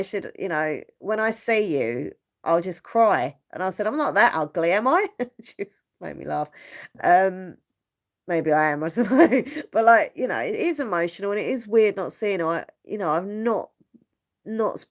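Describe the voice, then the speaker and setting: A woman's voice: lowish voice, expressive, fairly quick. A young woman host chatting casually on a live stream from her bedroom at home, rambling and laughing often. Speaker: channel host.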